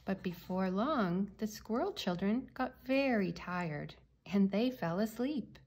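Slow gravelly woman reading a kids' story. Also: mid-range voice, expressive, a little mellow. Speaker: children's book reader. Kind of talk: reading a picture book aloud.

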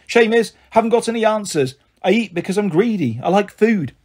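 A man's voice: high-pitched, lively intonation, fairly quick, voice pushed up. A man doing a hearty bustling auntie. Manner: warm, jolly, frank. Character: hearty big-hearted woman pub landlady aunt, bustling.

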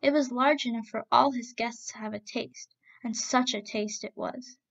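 Gravelly woman reading a story, higher voice, flat delivery, muffled recording. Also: normal speed. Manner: steady expressive reading with voiced quotes. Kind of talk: storybook narration.

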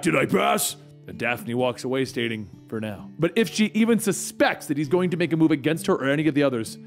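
A man narrating a comic book story in a dramatic, conversational way. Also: fairly high pitch.

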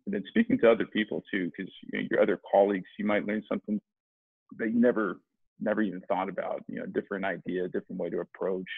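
A man's voice: lowish voice, little pitch movement, quick pace, creaky, slightly rough, no echo. A man, a sales rep, talking casually as a podcast guest, rambling with many restarts. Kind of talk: conversational interview. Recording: tinny phone-like line, dry.

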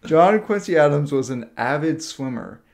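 A man's voice: fairly high pitch, moderate pace, vocal fry, reverberant, a little hiss or hum. A man co-hosting a podcast, playful and teasing, reeling off stats and jokes in casual chat. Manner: playful, teasing, speeds up when excited. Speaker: podcast co-host.

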